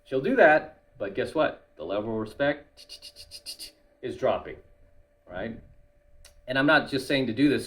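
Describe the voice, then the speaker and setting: A man's voice: mid-range voice, animated, normal speed, a bit bright. A man hosting his channel, giving other men advice in a casual monologue and tagging nearly every point with "right?".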